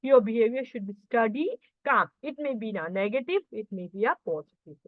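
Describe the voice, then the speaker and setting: A woman's voice: on the high side, lively intonation, brisk, dry recording. Woman teaching a class over a tinny call. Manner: explains with acted everyday examples, often says "guys" and "clear?". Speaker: communication skills trainer. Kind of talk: online class lecture. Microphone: computer or headset mic on a video call. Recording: dry, narrow phone-like online-call sound.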